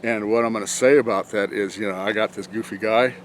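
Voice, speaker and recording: A man with a low, relaxed voice rambles through a casual vlog outdoors, chuckling and talking half to himself as he looks over his truck. Faint outdoor noise sits behind him on a simple camera mic. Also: quick pace. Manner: rambling, chuckling, talks to himself while working. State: out of breath from bending over. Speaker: vlogger reviewing a truck job.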